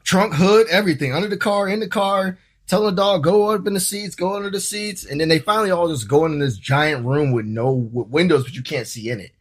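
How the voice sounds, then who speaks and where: A man from Ohio telling a story as a podcast guest, casual and animated, swearing freely and acting out his own reactions. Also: high-pitched, fairly quick, few pauses, breathy edge. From Ohio, USA.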